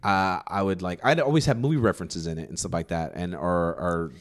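A young man from California talks quickly in a lowish voice. He rambles in casual chat, swears often, and piles up fillers and restarts.

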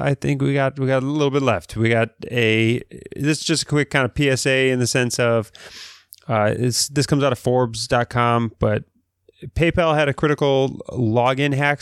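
A man's voice: medium pitch, clear, resonant tone, no room sound, studio quality. A man hosting a casual tech podcast, talking in a rambling way with frequent restarts. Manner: rambling, many restarts, chuckling. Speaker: podcast host.

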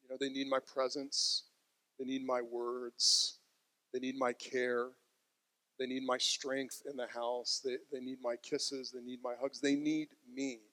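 A man's voice: mid-range voice, flat delivery, unhurried, pushed and bright, in a large hall. A man in his thirties, a pastor preaching a sermon, telling a heartfelt personal story and acting out quotes. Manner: storytelling, emotional, acts out quotes.

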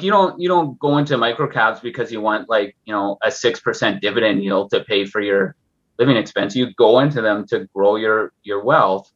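A man with a fairly low voice chats at length in a casual podcast conversation. He rambles, doubles back and fills every gap with "like". The sound is dull and lo-fi. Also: fairly bright tone. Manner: rambling, full of "like" and restarts. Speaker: guest investor.

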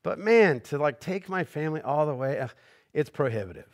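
Man, pastor, conversational sermon, joking asides, slightly high voice. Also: a little fast. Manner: conversational and joking, swinging from hushed earnest to animated.

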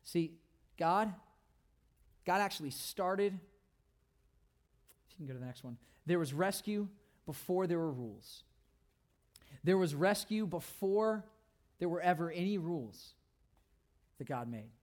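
A man with a notably high voice preaches a sermon. He is emphatic and repeats phrases to drive each point home. His delivery swings from loud, ringing declarations to quiet, hushed asides. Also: expressive, takes it slowly, pauses often. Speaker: pastor.

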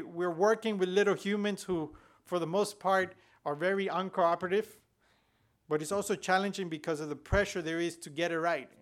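A male pastor delivers his sermon for a church podcast. His voice sits a little high for a man. He tells a story in a conversational way, often restarting his sentences. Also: fairly bright tone. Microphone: podcast recording.

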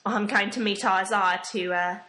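A woman's voice: mid-range voice, steady tone, normal speed, close to an everyday voice. A woman playing a flustered, hesitant charity organizer in a comedy sketch.

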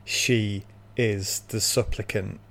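A man with a fairly low voice, explaining his view earnestly and at length in a relaxed conversation. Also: slow pace, slight background noise. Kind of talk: casual discussion.

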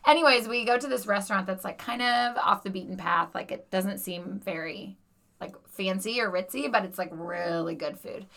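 A woman who is an elementary school principal, co-hosting a podcast, telling stories in an animated, chatty way full of "like" fillers. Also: mid-range voice, normal speed. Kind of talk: casual chat and storytelling.

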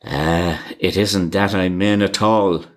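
A man voicing a grim old male Irish car driver who speaks with a thick brogue and warns gravely. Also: deep voice, steady tone, slow pace. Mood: ominous.

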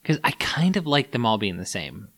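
A man co-hosting a casual food-tasting podcast, talking in a rambling, animated way and swearing now and then. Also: medium pitch, normal speed. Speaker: podcast co-host. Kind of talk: casual chat.

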